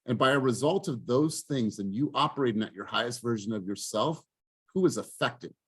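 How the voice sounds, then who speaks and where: A man's voice: mid-range voice, fairly quick, slightly rough. A man leading a group coaching call, talking in a fired-up, emphatic way and swearing for emphasis. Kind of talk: motivational group coaching talk.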